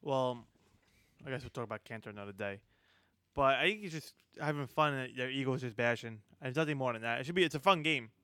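Young guy cohosting sports talk, talks fast, smooth clear voice, dry mic. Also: mid-range voice, bright, forceful tone, no echo.

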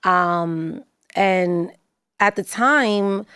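A woman's voice: mid-range voice, drawn-out words, a bit bright, clean tone, dry recording, clean studio sound. A woman hosting a podcast, talking in a chatty, effusive way with plenty of ums and likes. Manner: effusive, chatty, filler-heavy. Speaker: podcast host. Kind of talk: casual chat.

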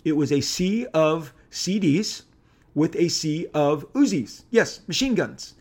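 A middle-aged man from Southern California, a comic book artist telling a casual anecdote, animated and rambling, with lots of fillers and restarts. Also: fairly high pitch, slow pace.

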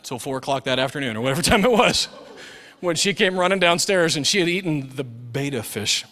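A man's voice: fairly high pitch, animated, brisk, sharp tone, a faint crowd. A man in his forties preaching a sermon as pastor, telling stories with humor and acting out the voices in them. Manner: storytelling with humor, acts out quoted voices. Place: church sanctuary. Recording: long reverb of a large church hall.

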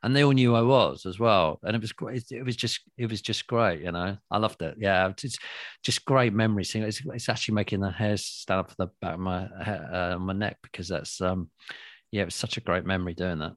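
A man with a rambling, lively storytelling manner, often laughing and restarting as a guest. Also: sits low, brisk, no echo, clean studio sound. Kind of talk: anecdotal storytelling.

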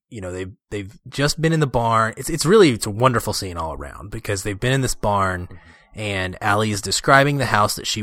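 Man, earnest film fan, bright edge, dead-dry sound. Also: on the low side, dry recording. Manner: earnest, enthusiastic, many restarts. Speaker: podcast co-host discussing a film. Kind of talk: casual chat.

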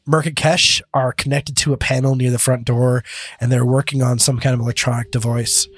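A man's voice: mid-range voice, little pitch movement, brisk, no echo. Man narrating as game master. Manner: casual, laughing often, loose storytelling.

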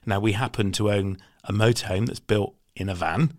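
A chatty man co-hosting a podcast, his voice sitting on the lower side. He laughs often and explains things in a relaxed, casual way. The sound is dry and close to the mic. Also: normal speed, no echo. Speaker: podcast co-host.

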